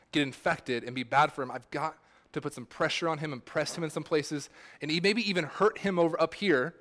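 A man in his thirties delivers a sermon in an animated storytelling way, stumbling over restarts as he goes. His voice sits a little higher than most men's. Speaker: pastor.

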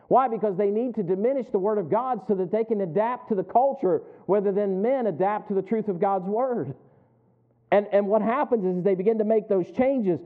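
High-voiced preacher on a tinny line. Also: male voice. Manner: folksy, asks the congregation questions and jokes. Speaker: pastor. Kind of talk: sermon. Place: church. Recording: tinny phone-like sound.

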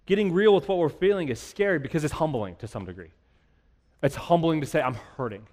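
A male pastor delivers a sermon in an earnest, conversational way, climbing into emphatic rises. His voice sits high for a man. The sound carries the long reverb of a church hall. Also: big pitch swings, fairly quick, darkish tone.

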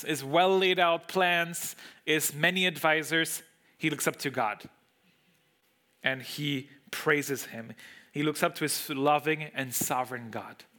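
A man's voice: fairly high pitch, pushed and bright. A man speaking English as a second language, preaching an expository sermon to a room, emphatic and full of rhetorical questions. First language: not English. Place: room with a congregation.

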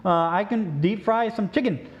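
A man voicing a poor widowed mother in a sermon story, in an animated storytelling manner, on a dull lo-fi recording. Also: sits high, normal speed, lightly acted. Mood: excited. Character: poor widowed mother, anxious then overjoyed.

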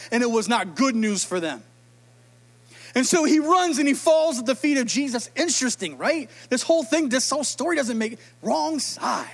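A man preaching a sermon, telling stories in an animated, emotional, conversational way. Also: extremely high pitch. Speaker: pastor.

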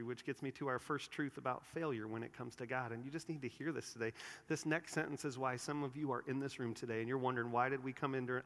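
A man preaching a sermon in a church, earnest, rising to emphatic peaks and dropping to quiet, soft lines. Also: medium pitch. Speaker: pastor. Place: church sanctuary. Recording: long reverb of a large room.

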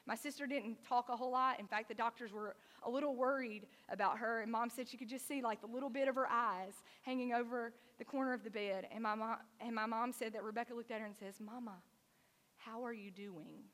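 A woman's voice: a little high, steady tone, fast, few pauses, a bit bright, big-room sound. A woman pastor preaching a sermon, telling stories with animation and frequent use of "like".

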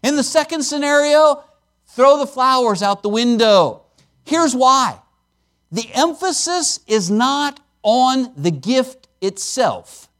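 A male preacher with a notably high voice delivers a sermon in an animated, conversational way. His pitch swings widely as he stresses key words, then drops into playful asides to the congregation. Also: slow. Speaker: guest preacher at a missions conference. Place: church service.

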